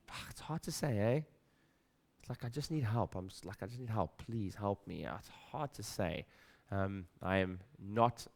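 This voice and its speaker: Middle-aged guy on stage at a seminar, lowish voice, keeps repeating himself and quizzing the crowd. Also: darkish tone. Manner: emphatic, repeats phrases, acts out his own inner voice, asks the audience questions. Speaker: speaker at a practice-building seminar. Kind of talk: motivational stage talk. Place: stage in a room with an audience.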